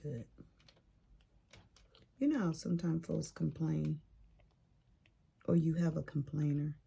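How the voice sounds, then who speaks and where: A woman's voice: sits low, little pitch movement, takes it slowly, creaky, mellow, a little hiss or hum. A woman chatting casually while she crafts, telling stories about her family and neighbors with sassy asides. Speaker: craft vlogger.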